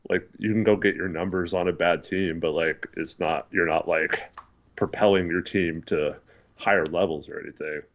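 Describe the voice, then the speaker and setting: A man's voice: low voice, highs cut off. A man co-hosting a casual postgame basketball chat over a video call, rambling with lots of fillers. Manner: rambling, many fillers, laughs often. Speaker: podcast co-host.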